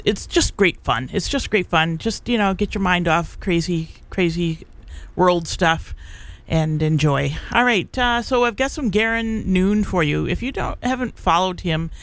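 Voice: medium pitch, unhurried, a bit bright, no room sound. A middle-aged college radio DJ chatting casually on air between songs, rambling with plenty of fillers and restarts. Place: radio studio.

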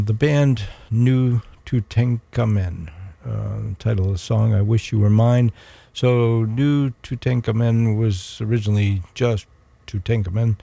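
A young man hosting a college radio show, casually back-announcing songs in a relaxed, halting way with many ums and restarts. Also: lowish voice, vocal fry, no room sound.

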